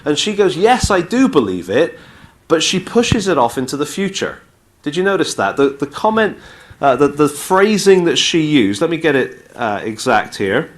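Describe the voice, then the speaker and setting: A man's voice: fairly high pitch, moderate pace, slight background noise. Chatty British man telling a Bible story. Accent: British English. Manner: chatty, animated storytelling with asides and quoted dialogue. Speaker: speaker at a student Christian talk. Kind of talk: informal Bible talk to students.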